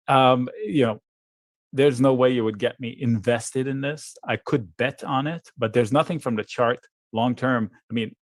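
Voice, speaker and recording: A man talks through stock charts on a live trading webinar, blunt and thinking aloud with quick asides. His voice sits in a middle register. The sound is dry and close, with no room around it. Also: mid-range voice, no room sound. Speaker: options trader guest.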